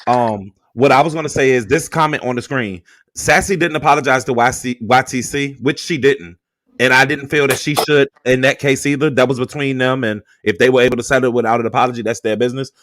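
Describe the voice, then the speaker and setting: A man moderates a live stream discussion, keeping things calm and measured as he calls on each guest. He speaks quickly, and his voice sounds dry and close, with no room around it. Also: mid-range voice, no echo.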